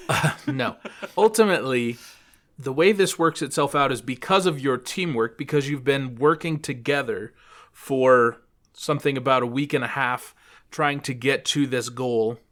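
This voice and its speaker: A man narrating as game master, explaining rules calmly and in a measured way. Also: medium pitch.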